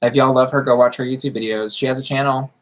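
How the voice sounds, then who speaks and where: A campy, sassy man talks casually on a livestream, firing back answers to his viewers in drag slang. He is from the United States and keeps chatting while he does his makeup. His voice sits at a middling pitch for a man. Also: steady tone, quick pace. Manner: doing makeup while talking. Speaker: drag queen streamer answering viewer questions.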